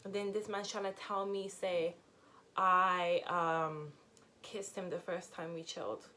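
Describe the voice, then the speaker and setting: A woman's voice: lowish voice, flat delivery, measured pace, pushed and bright. A young adult woman in a casual storytime vlog, telling her story candidly and expressively, with lots of fillers and swearing. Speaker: vlogger.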